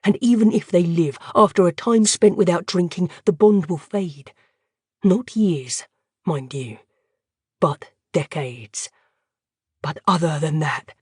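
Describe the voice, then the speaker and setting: A woman's voice: fairly low pitch, a little mellow, slightly rough, no room sound, studio quality. A woman doing a wounded, stammering young captain. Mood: grave. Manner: halting, trembling, stammering delivery. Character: wounded young male captain, tender and grave.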